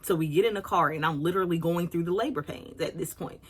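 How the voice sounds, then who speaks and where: A woman's voice: fairly low pitch, fast talker, breathy edge. A woman around thirty telling a personal storytime on her vlog in a candid, chatty way, apologizing when she overshares. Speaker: vlogger.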